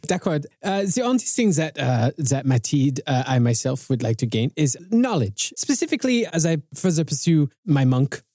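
A man's voice: a little high, sing-song, moderate pace, hardly any pauses, mellow, no echo, studio quality. A man voicing an earnest male monk with a put-on French accent, polite and hesitant.

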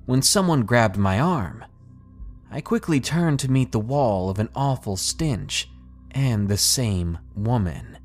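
A man reading first-person scary stories in a steady, scripted narration with dramatic pauses. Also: fairly low pitch. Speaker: storyteller reading submitted stories.

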